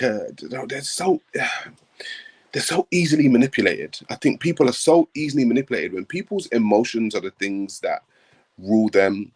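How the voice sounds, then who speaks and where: A man hosting a livestream, talking emphatically, repeating his points and calling viewers bro. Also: fairly low pitch. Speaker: livestream host. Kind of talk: livestream commentary.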